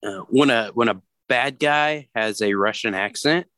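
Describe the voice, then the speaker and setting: A man's voice: mid-range voice, a little slow, sharp tone, dry recording. A man chatting on a podcast, hesitant with plenty of fillers. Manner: hesitant, lots of fillers, laughs easily. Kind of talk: casual podcast chat.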